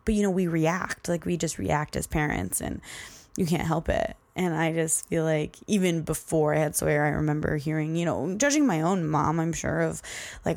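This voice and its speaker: A woman's voice: deep voice, normal speed, a little mellow. A young woman hosting a podcast, telling a story in a chatty, rambling way and laughing often. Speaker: podcast host. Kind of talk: casual solo podcast storytelling.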